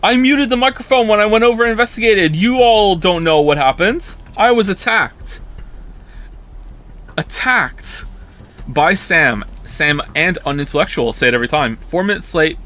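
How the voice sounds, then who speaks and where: A man's voice: on the high side, expressive, moderate pace, pushed and bright. A man streaming live, chatting casually and reacting to viewer comments in a rambling way with frequent restarts.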